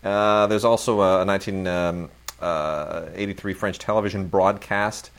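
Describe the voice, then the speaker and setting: Enthusiastic low-voiced man chatting films. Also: fairly even intonation, moderate pace. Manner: enthusiastic, rambling, lots of fillers. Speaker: film podcast co-host. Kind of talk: casual chat about new film releases.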